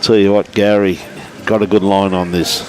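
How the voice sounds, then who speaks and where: Australian male commentator, low voice, relaxed matey patter, outdoor livestream. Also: moderate pace, poor audio. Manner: chatty, matey, greets viewers by name. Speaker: lawn bowls commentator. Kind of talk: live sports commentary. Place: outdoors at a bowls club.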